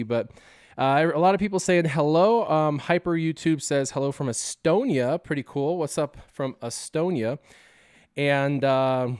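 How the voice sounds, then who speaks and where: Young male streamer, slightly high smooth voice, lively storyteller, dry close sound. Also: no echo. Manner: animated storyteller who acts out scenes and laughs often. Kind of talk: casual live-stream storytelling.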